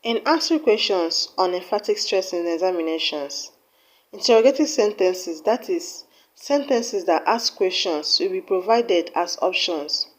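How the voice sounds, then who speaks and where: A woman with a Nigerian accent teaching an exam-prep English lesson, slow and deliberate, often repeating her key points. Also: medium pitch, a little mellow, low-quality recording.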